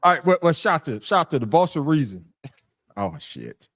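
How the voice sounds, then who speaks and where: A man's voice: fairly high pitch, sing-song, moderate pace, a bit bright. A man hosting a casual sports podcast, laughing often and repeating words as he talks. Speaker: podcast host.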